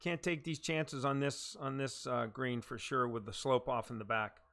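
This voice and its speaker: During live gameplay commentary, a streamer reacts out loud to his shots, curses when things go wrong, teases himself and talks with his viewers. He speaks at a normal speed in a steady, medium-pitched voice that's a bit bright, with vocal fry.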